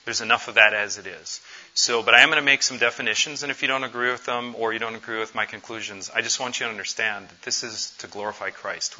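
A man's voice: mid-range voice, sharp tone, dull audio, a little hiss or hum. An earnest man in his forties giving a conversational talk at a missions conference, with frequent fillers.

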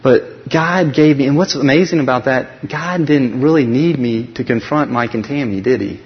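A man speaking at a conference, telling a personal faith story with lively acted dialogue and frequent restarts. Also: medium pitch, moderate pace. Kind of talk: personal testimony talk. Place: large conference hall. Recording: dull recording in a reverberant hall.

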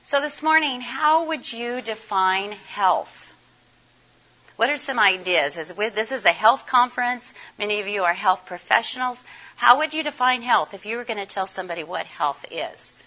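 An older woman speaks to a conference audience in a bright, forward voice, hoarse and scratchy from laryngitis. She is chatty and folksy and puts questions to the room. The recording is dull and lo-fi. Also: mid-range voice, lively intonation, moderate pace. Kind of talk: conference presentation.

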